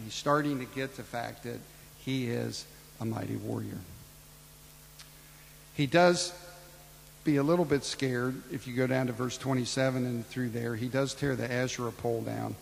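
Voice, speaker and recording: A man preaching a sermon, acting out Bible dialogue in his own voice and swinging between loud and hushed. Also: medium pitch, fairly even intonation, normal speed, gravelly, in a large hall, slight background noise, rough recording. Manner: preaching with acted-out Bible dialogue, rising and falling in volume. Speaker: pastor.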